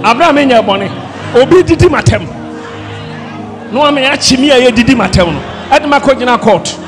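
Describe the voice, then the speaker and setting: Shouting Ghanaian pastor, loud crowd. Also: male voice, very high-pitched, animated, a little fast. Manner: shouting, impassioned preaching. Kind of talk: fiery sermon. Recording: loud music and crowd behind.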